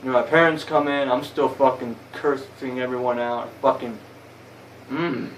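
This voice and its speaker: A man's voice: medium pitch, fairly even intonation, moderate pace, a bit bright, far from the mic, a little hiss or hum, low-quality recording. A young man telling a story in a casual vlog, rambling and swearing a lot, heated and blunt. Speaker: vlogger. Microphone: phone camera.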